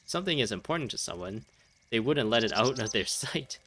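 A man's voice: medium pitch, animated, fairly quick, fairly bright tone. A man voicing an easygoing male traveler, reading the game dialogue aloud in an apologetic, offhand way.

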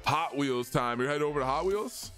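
A man's voice: a little high, normal speed, a bit bright, faint music behind. Chatty young man streaming a racing game. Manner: casual, chatty, reads out viewer chat. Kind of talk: live-stream game commentary.

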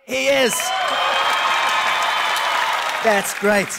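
A man's voice: sits high, unhurried, gravelly. A South African ventriloquist comedian chatting easily with the crowd as he brings a guest on stage. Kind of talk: live stand-up crowd work. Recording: live show with crowd and noise.

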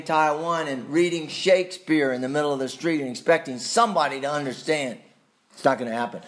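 A man preaching a sermon, slow and deliberate, with sudden emphatic rises and quiet asides. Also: fairly high pitch. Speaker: pastor.

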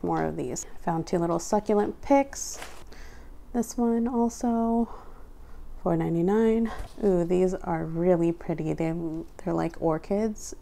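A woman's voice: mid-range voice, vocal fry, warm tone, slight background noise. A young adult woman casually narrating an unboxing at home, reading out prices item by item with chatty asides. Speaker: vlogger unboxing a craft store grab bag.

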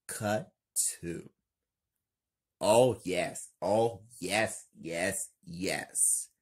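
A man's voice: low voice, breathy edge. A man narrating a homemade thriller story as channel host, hyped and repetitive. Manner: hyped, repetitive, drawn-out delivery.

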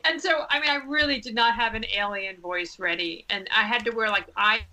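A woman's voice: fairly high pitch, fairly quick, sharp tone, rough recording. A woman guesting on a podcast, telling a self-mocking anecdote in casual chat.

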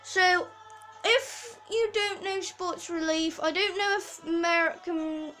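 A woman's voice: very high-pitched, takes it slowly, bright, forceful tone, soft background music, poor audio. A preteen girl hosting a casual video update from her bedroom, rambling and apologizing often, with many fillers. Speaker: channel host. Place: bedroom at home.

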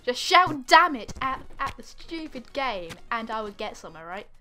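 A woman's voice: a little high, expressive, normal speed, a bit bright, faint music behind. An English woman giving rambling let's play commentary, swearing, laughing and making random noises. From England. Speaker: gaming channel host.

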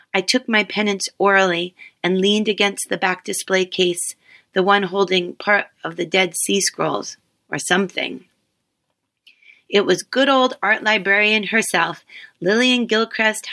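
A woman's voice: medium pitch, bright, forceful tone. A woman reading her own first-person story aloud, wry and self-deprecating in her telling.

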